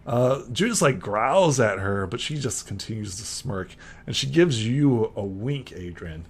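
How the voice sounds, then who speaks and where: Giggly, animated man running a tabletop game. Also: fairly low pitch, unhurried, husky. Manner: casual, giggly, many fillers. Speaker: game master.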